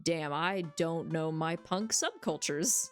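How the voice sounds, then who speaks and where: A woman's voice: sits low, slow. A young woman streamer giving casual, joking game commentary, giggling often and swearing freely, over faint music.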